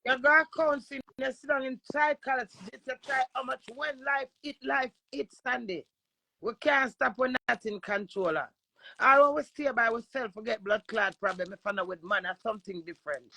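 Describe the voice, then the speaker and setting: A Jamaican woman hosting a live stream, ranting forcefully and swearing as she talks with a caller. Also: high voice, gravelly, no room sound. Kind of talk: casual live chat.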